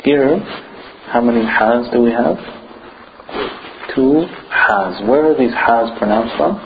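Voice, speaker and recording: A man's voice: medium pitch, creaky. A man teaching a recitation class, patiently drawing out words to model pronunciation and giving frequent short praise. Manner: repeats words slowly and drawn out to model pronunciation. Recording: muffled lo-fi recording with steady background noise.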